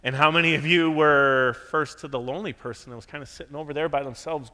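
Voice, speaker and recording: A man preaching a sermon from a church sanctuary, animated and lively, acting out the quotes he tells. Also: quick pace, hardly any pauses. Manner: animated, acts out quotes with big pitch jumps. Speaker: pastor. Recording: reverberant church hall.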